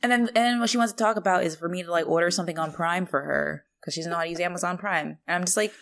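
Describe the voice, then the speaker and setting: A woman co-hosting a podcast, chatting casually and telling stories in an animated, swearing way. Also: lowish voice, rapid-fire, vocal fry, few pauses. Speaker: podcast co-host. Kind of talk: casual rewatch podcast chat.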